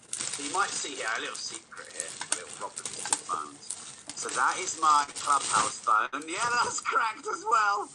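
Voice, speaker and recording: A middle-aged British man giving a live online talk, fast-talking and excitable, poking fun at himself. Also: on the high side, slight background noise, rough recording. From United Kingdom. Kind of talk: energetic motivational talk.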